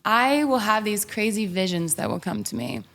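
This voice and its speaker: A woman's voice: medium pitch, very animated, moderate pace, fairly bright tone. Reflective young woman chatting openly. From Mississippi. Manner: open, reflective, chatty with filler words. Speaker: podcast guest, singer-songwriter. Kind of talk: casual chat.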